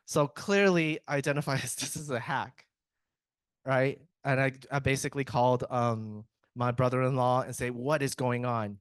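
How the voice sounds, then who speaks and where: A man's voice: medium pitch, fairly even intonation, normal speed, clean tone, no echo. Man, IT presenter, casual joking delivery, mid-range voice, dry close sound. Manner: joking, chatty, self-interrupting with restarts. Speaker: IT speaker at a tech summit.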